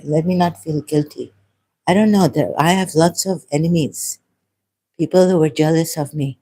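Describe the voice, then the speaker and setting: A tired woman from Pakistan talking alone on a livestream at home, halting and apologetic, often trailing off and restarting. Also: low-pitched, fairly even intonation, mellow, rough recording. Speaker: livestream host. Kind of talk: rambling livestream monologue. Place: at home, making tea.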